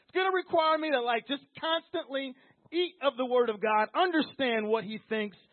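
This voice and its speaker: A man's voice: extremely high pitch, moderate pace, dry recording. A man preaching an emphatic, repetitive sermon, often acting out quoted voices. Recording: tinny phone-like line, dry.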